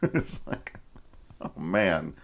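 A man's voice: deep voice, very animated, extremely slow, vocal fry. A man co-hosting a podcast, casually retelling a video game story with frequent laughs and mock voices. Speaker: podcast co-host.

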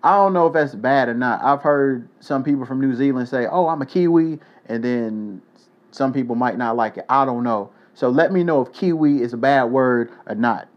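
A young man hosting a casual solo podcast, joking loosely and swearing freely as he gives shout-outs to listeners. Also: mid-range voice, normal speed, lo-fi sound. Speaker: podcast host.

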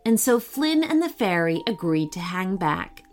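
A woman's voice: mid-range voice, sing-song, unhurried, faint music behind. A woman narrating a children's story expressively, acting out the characters.

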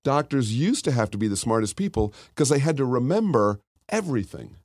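A man's voice: medium pitch, big pitch swings, a little fast, darkish tone, no room sound. Rambling middle-aged man, dry close sound. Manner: rambling, digressive storyteller. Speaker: podcast co-host. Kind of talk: casual chat.

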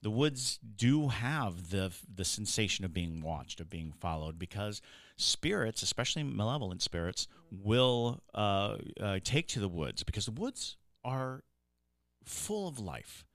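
A man's voice: lowish voice, sing-song, measured pace, a bit bright, no room sound. A man co-hosting a podcast, chatting casually and rambling with fillers and restarts as he tells stories. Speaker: podcast co-host.

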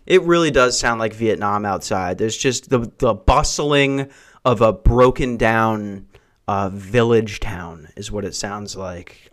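A man's voice: fairly low pitch, fairly bright tone. Profane, rambling young man podcaster. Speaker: podcast host. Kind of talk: casual podcast monologue.

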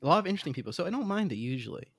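A man's voice: on the high side, big pitch swings, very fast, gravelly, husky. Rambling man telling a gym story. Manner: rambling, self-deprecating storytelling. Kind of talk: casual chat.

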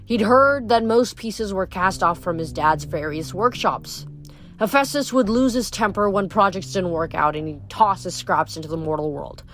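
A woman reading a novel aloud in a steady, expressive voice. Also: medium pitch, normal speed, soft background music. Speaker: audiobook reader.

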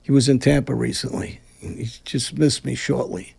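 A man's voice: medium pitch, steady tone, moderate pace, creaky, darkish tone, breathy edge. A middle-aged man from Brooklyn, giving a blunt, combative interview and rambling with restarts. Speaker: interview guest. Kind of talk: heated conversational interview.

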